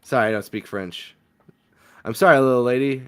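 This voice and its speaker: A man's voice: mid-range voice, moderate pace, clear, resonant tone, natural voice. A man reading a whiny newcomer.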